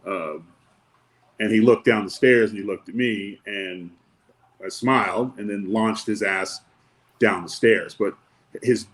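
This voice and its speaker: A man's voice: lowish voice, unhurried, pauses often, a bit bright, rough recording. A man on a podcast, a wrestler and former bodyguard, telling a long anecdote in a laid-back, wry way and acting out what other people said. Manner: laid-back, wry storyteller who acts out quotes. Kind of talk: storytelling anecdote in casual chat.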